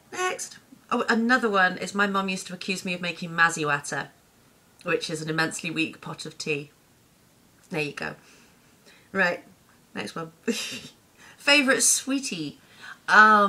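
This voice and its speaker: A woman's voice: deep voice, bright, forceful tone. A woman chatting upbeat to camera, answering tag questions and laughing easily. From Lincolnshire, England. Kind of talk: casual chat to camera.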